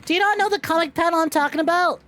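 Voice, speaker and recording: A woman's voice: very high voice, rapid-fire, fairly bright tone, slight background noise. A woman streaming a game, greeting her chat by name, swearing freely and laughing often. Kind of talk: casual livestream chat while gaming.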